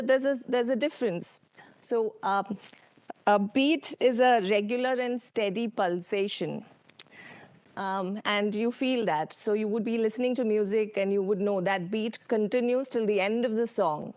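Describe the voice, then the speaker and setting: A woman with an Indian English accent presenting a lecture with slides, unhurried, with many ums and uhs and questions to the audience. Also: mid-range voice, darkish tone, no room sound. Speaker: workshop speaker. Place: conference hall.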